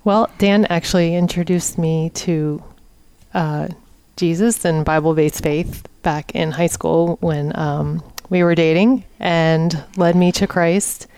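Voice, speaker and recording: Low gravelly woman, dry close sound. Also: darkish tone, no echo. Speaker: guest. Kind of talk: interview testimony.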